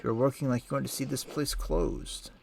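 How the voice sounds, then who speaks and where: A man's voice: medium pitch, animated, normal speed, vocal fry, darkish tone, slight background noise. A man voicing a stern middle-aged monastery prior who scolds his monks in a video game. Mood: scolding.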